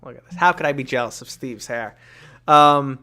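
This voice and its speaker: Podcast host, thirties, New York accent, playful and teasing, mid pitch. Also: male voice, moderate pace, bright, forceful tone. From New York City. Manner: joking, teasing, reads chat comments aloud. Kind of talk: casual chat.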